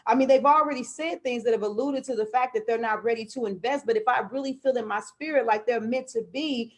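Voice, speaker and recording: A woman with a somewhat high voice hosts a live-streamed podcast over a video call, talking fast with hardly a pause. Her manner is fervent and preachy, and she repeats words when she gets worked up.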